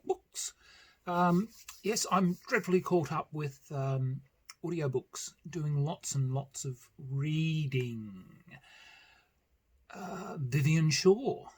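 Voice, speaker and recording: An older Australian man chatting casually in a rambling, self-deprecating way on his board game vlog. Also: medium pitch. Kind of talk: casual chat.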